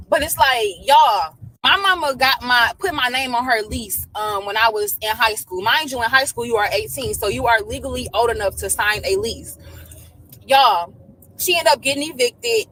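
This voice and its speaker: A woman's voice: high-pitched, a bit bright, rough recording. A woman, venting frustrated to viewers in a social media video, swearing often. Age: 20s.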